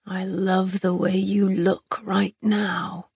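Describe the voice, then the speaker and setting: A woman reading an audiobook and voicing a tender, teasing male lover in a low, hushed, gruff tone. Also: flat delivery, slow, dry recording, clean studio sound, exaggerated voice. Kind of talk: audiobook narration.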